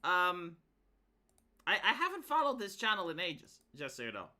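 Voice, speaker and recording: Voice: medium pitch, huge pitch swings, normal speed, sharp tone. A VTuber streamer giving live reaction commentary, rambling and stammering, with a sarcastic edge.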